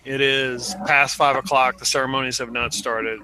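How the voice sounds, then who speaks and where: A man running a tabletop game, narrating the scene casually. He hesitates and fills gaps with "um" and "like", in a very bright, sharp voice. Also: medium pitch, flat delivery, moderate pace, slight background noise. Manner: hesitant, many fillers. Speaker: game master.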